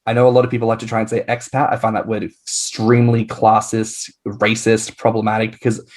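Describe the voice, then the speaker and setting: A man with an Australian accent, hosting a podcast in lively, campy casual chat and laughing often. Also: lowish voice, brisk, few pauses. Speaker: podcast host.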